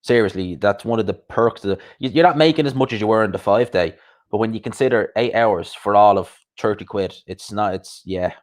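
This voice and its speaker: A man with a lowish voice hosts a casual live-stream chat. He rambles in a conversational way, reading out viewers' comments and answering them as he goes. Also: fairly quick. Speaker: host of a live boxing chat show.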